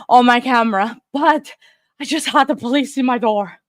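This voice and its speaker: A woman's voice: a little high, normal speed, no echo, studio quality. A woman hosting a true crime channel, out of breath and flustered, rambling to her viewers with nervous laughs. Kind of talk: casual chat to viewers.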